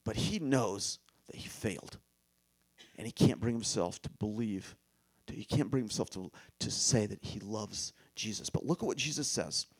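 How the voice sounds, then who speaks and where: A man preaching a sermon to a room of listeners, emphatic, asking rhetorical questions and now and then dropping to a hush. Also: fairly low pitch, expressive, moderate pace, slightly rough.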